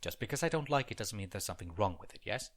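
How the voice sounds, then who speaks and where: A man's voice: lowish voice, expressive, fast talker, background noise. A young man reading a scripted stand-up comedy monologue in a wry, joking manner, recorded on a headset mic.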